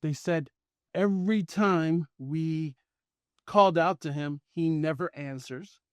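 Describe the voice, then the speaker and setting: A man's voice: a little high, slow pace, smooth, no echo, studio quality. A middle-aged man casually telling a personal story on a podcast, acting out the lines of the people in it. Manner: animated storytelling, acting out quoted dialogue. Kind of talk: casual anecdote.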